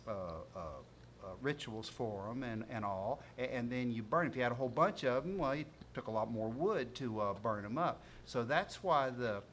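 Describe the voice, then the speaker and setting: A man in a casual dinner-table discussion, talking in a halting, rambling way. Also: mid-range voice, fairly bright tone. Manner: halting, many fillers and restarts, rambling. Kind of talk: casual panel chat over dinner. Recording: faint room noise, live stream.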